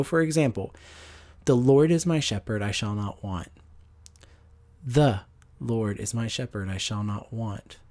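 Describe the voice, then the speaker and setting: A man delivers a Bible teaching for a podcast in a measured, earnest way. His voice sits at a middle pitch, and he often pauses on an um. He sounds like a pastor recorded on a podcast microphone. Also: dark tone.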